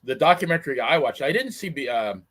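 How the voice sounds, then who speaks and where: Halting casual man on a podcast. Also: mid-range voice, expressive, fairly bright tone. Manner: halting, lots of fillers and restarts. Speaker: podcast co-host. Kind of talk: casual chat.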